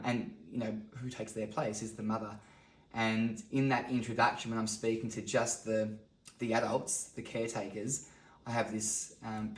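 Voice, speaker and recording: A man in his thirties, a guest talking earnestly in a reflective podcast conversation. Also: lowish voice. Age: 30s. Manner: earnest storytelling, acts out quotes. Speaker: podcast guest, men's coach. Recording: roomy echo.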